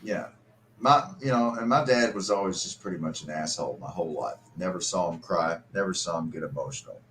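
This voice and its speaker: A man's voice: low-pitched, a little fast, a bit bright, a little hiss or hum. A middle-aged man hosting a live stream, telling a personal story in a profane, emotional and bitter way. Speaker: host.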